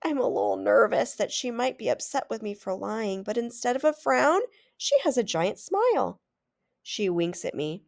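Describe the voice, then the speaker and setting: Expressive woman reading aloud. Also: a little high, normal speed, gravelly. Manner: expressive storytelling. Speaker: teacher. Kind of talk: reading a children's chapter book aloud.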